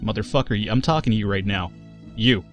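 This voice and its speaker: A man giving casual, profane let's play commentary, yelling at his game characters. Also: on the low side, fast talker, soft background music. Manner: profane, excitable, yells at characters. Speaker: gameplay commentator.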